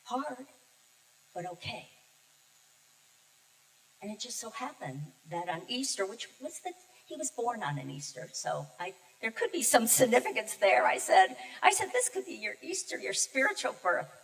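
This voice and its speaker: An older woman minister giving a heartfelt, personal sermon, telling her story with pauses and emotion. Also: on the high side, very animated, gravelly. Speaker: guest minister. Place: church sanctuary. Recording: distant mic in a reverberant sanctuary.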